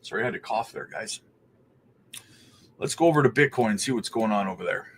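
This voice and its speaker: A man's voice: on the low side, a little fast, slight background noise. A man hosting a crypto live stream, greeting chatters by name and talking through price charts in a casual, upbeat way. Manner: upbeat, greets chatters by name, calls them buddy and brother.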